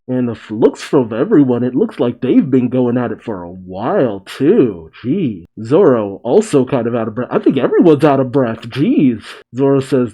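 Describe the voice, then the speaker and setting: A man's voice: mid-range voice, very animated, a little slow, hardly any pauses, dark tone. A man hosting a casual read-along reaction to a comic, narrating and laughing often between the quoted lines.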